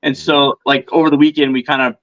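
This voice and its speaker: A man's voice: mid-range voice, flat delivery, fast talker, fairly bright tone, dull audio. A man guesting on a podcast, telling stories in a rambling, casual way full of fillers and restarts. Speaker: podcast guest, reptile vendor. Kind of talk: casual storytelling chat.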